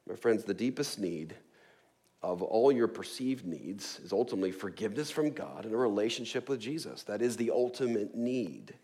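A man's voice: lowish voice, normal speed, husky. A man in his forties preaching a sermon in a conversational way, often checking in with "right?" and stressing key words. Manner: conversational, frequent "right?" asides, lively emphasis. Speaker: pastor.

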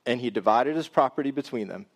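A man's voice: mid-range voice, expressive, fast talker. Conversational male preacher. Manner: conversational, addresses the congregation directly. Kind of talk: sermon.

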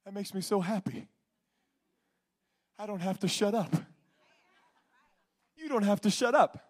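High-pitched preacher guy, yells then drops way down quiet. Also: unhurried. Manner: swings from shouting to hushed near-whispers. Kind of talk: sermon.

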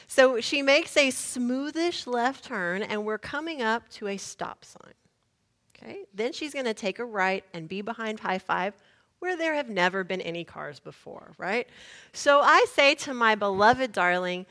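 A woman preacher, telling a lively story in a sermon and shouting the lines she retells. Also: fairly high pitch, a little slow.

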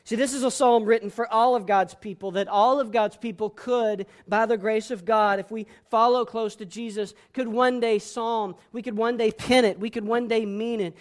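Boisterous high-voiced male pastor. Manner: boisterous, swinging between loud emphasis and soft hush; repetitive, emphatic preaching. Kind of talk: sermon.

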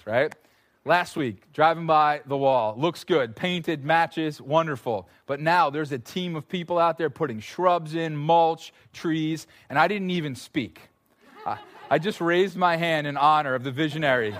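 A male pastor preaches at an evening church service, his voice sitting a touch high for a man. He talks to the congregation like friends, spinning animated, casual stories with playful little asides. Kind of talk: sermon.

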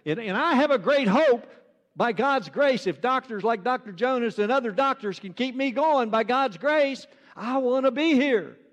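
A male pastor with a notably high voice delivers an earnest sermon. He circles back and repeats phrases to drive each point home. His words ring out with a long reverb in a church hall. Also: animated, normal speed, muffled recording.

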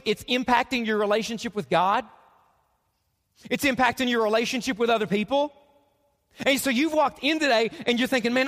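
A man preaching from a church stage with a very high voice. He talks to the room like a conversation and drives his main points home by saying them again. A long hall reverb trails after each phrase. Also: fairly bright tone. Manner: conversational, repeats key lines for emphasis. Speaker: pastor. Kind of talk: sermon. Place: church auditorium.

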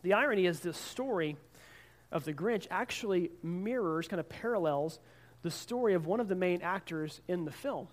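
High-voiced man preaching a sermon. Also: lively intonation, normal speed. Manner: earnest storytelling with frequent word repeats. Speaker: pastor.

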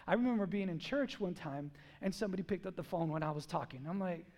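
A man with a strikingly high voice delivers a sermon. He speaks with emphasis, keeps putting questions to his listeners and acts out what people say. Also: fast talker, a little mellow. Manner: emphatic, asks the crowd questions, acts out quotes. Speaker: preacher.

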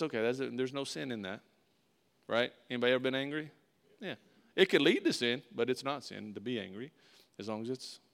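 A man's voice: mid-range voice, creaky, a bit bright. A man preaching as pastor in a conversational sermon, acting out God and Moses in short bits of dialogue.

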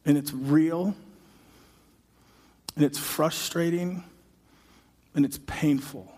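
Guy preaching, high voice, acts out the bible story all dramatic, big hall echo. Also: steady tone, slow pace, a little mellow. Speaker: pastor. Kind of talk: sermon. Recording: long hall reverb.

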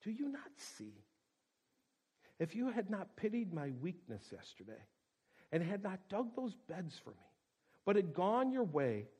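A man voicing an old hermit who answers in a calm, measured way. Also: fairly high pitch, breathy edge, pitched above the performer's own voice, exaggerated voice.

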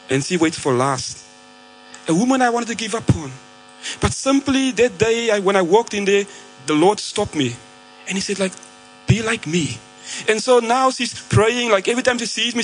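Australian male preacher, high voice, chatty storytelling sermon delivery, faint music underneath. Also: fairly bright tone, poor audio. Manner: conversational storytelling with frequent fillers and restarts.

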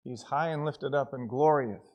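A man preaching a sermon in church, earnest and repeating words for emphasis, swinging between soft and loud passages. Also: medium pitch, moderate pace, muffled recording. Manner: earnest, repeats words, rises and falls in loudness.

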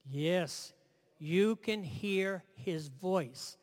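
A man's voice: high-pitched, extremely slow, long reverb tail. A man preaching a sermon in a conversational way, asking his listeners "right?" and repeating key phrases.

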